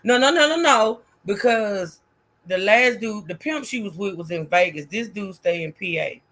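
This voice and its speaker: A woman co-hosting a livestream in a chatty, animated way, talking with callers and viewers. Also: medium pitch, normal speed. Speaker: livestream co-host. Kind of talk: casual commentary chat.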